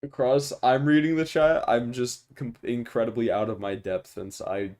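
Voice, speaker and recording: A man's voice: mid-range voice, fairly even intonation, normal speed, darkish tone, no room sound, studio quality. A man casting a tournament stream, chatting casually with a laid-back, wry manner. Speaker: tournament caster. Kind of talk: casual chat on a live stream.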